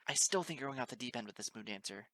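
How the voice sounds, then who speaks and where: A man's voice: medium pitch, expressive, rapid-fire, bright, forceful tone, no echo, rough recording. A man reading the part of an uptight, bookish young female pony librarian who scolds in a prim, exasperated way. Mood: scolding. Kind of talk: amateur audiobook reading.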